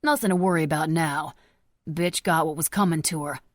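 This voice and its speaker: A woman's voice: deep voice, a little fast, no room sound, clean studio sound, close to an everyday voice. Woman doing a menacing young villain. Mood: sneering. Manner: menacing, crude, snarling. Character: young man, jittery violent armed villain.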